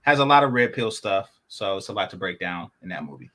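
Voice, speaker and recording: A man hosting a casual livestream panel, talking in a relaxed way with lots of "um"s and restarts. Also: sits low, brisk. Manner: relaxed, hesitant with many fillers. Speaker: host.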